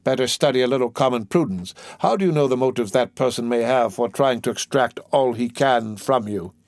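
A man voicing a sickly, suspicious older woman who scolds in a sharp, mistrustful way. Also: medium pitch, fairly quick, dry recording, lightly acted. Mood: scolding. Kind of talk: audiobook character reading.

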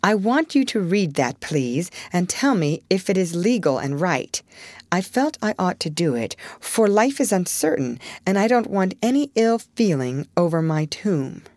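A woman's voice: lowish voice, big pitch swings, measured pace, darkish tone, dry recording. A woman voicing a proud, fussy young girl who talks in an earnest, slightly prim way.

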